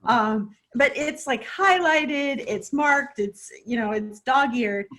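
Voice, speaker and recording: A woman's voice: high-pitched, slow, a bit bright. A woman hosting a casual interview over a video call, chatty and supportive, with lots of fillers. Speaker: interview host.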